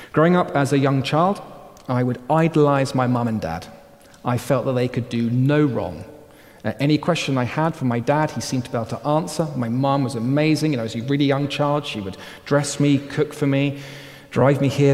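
A man preaching a sermon as pastor, earnest and exhorting, often dropping to quiet, emphatic phrases. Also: medium pitch, normal speed. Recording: long hall reverb.

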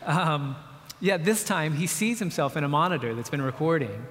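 A man's voice: fairly high pitch, normal speed, fairly bright tone. Man preaching in a reverberant hall. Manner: conversational and explanatory, with acted-out quotes. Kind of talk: sermon.

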